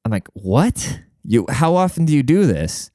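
A young man telling a long story to his viewers in a casual, profane, animated way, talking to them like a buddy. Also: mid-range voice, measured pace, dry recording, clean studio sound. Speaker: vlogger.

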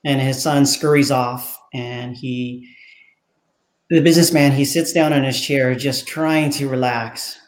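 A man's voice: mid-range voice, unhurried, echoey room. A man being interviewed as an author, telling a story and acting out the people in it. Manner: animated storyteller acting out dialogue. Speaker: author and guest.

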